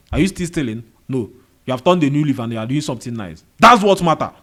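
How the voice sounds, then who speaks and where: A man with a Nigerian accent giving a motivational monologue, firing rhetorical questions and repeating key phrases. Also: fairly high pitch. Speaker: motivational video host. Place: indoor room with a fan running.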